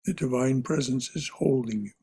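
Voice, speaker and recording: A man teaching a spiritual class in a slow, reflective way, often repeating his phrases softly. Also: mid-range voice, husky. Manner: repeats phrases, soft and contemplative.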